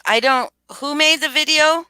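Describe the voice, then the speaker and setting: A woman runs a casual livestream panel over a video call, brisk and sarcastic. Her voice is bright and smooth. The sound is close and dry. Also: high voice, dry recording. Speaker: livestream host.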